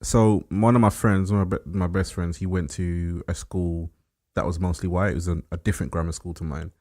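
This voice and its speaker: A man co-hosting a casual podcast chat with a very deep voice. He talks in a measured, earnest way and keeps his points plain. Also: fairly even intonation, darkish tone. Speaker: podcast co-host.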